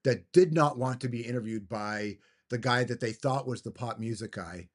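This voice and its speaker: Middle-aged male host, casual interview, earnest and reflective, generous with praise, voice at a middle pitch. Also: moderate pace. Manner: earnest, thoughtful, complimentary.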